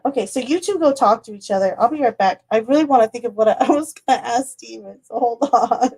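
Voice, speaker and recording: A woman's voice: a little high, fast talker, darkish tone, slightly rough. A woman reading tarot on a casual livestream, chatty and rambling, who laughs often and swears casually. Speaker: tarot reader.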